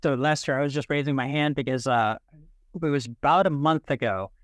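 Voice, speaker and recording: A man's voice: medium pitch, brisk, no echo. Man telling a heartfelt story. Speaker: health services director guest. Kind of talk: podcast interview storytelling.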